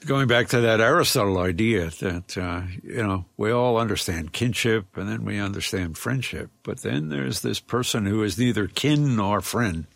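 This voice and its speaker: A man's voice: lowish voice, creaky, fairly bright tone, no room sound. A man speaking as an interview guest, thoughtful and reflective, often restarting his sentences. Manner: thoughtful, halting, many restarts. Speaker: guest, philosopher and educator.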